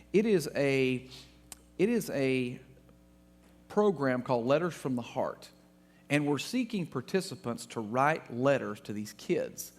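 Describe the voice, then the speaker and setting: A man from Texas, a guest speaker, telling funny anecdotes to an audience in an animated way. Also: medium pitch. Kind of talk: storytelling talk to an audience.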